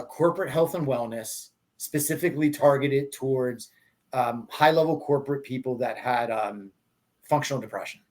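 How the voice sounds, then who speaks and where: A man's voice: medium pitch, a little mellow. A man hosting a podcast, telling stories in a rambling, casual way, restarting his sentences and laughing as he talks. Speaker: podcast host. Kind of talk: casual conversational storytelling.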